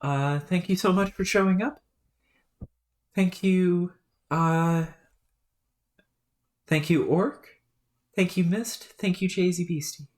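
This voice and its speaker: Low-voiced woman reading on stream. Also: slow, long pauses. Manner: relaxed, rambling, many fillers. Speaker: streamer reading a webcomic aloud. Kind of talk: casual read-aloud stream.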